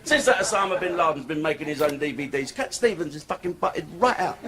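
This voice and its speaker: A man's voice: fairly high pitch, expressive, fast, a crowd in the background. A man doing a crude, profane stand-up comedy set in a comedy club. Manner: crude, profane, swearing constantly. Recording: noisy club recording.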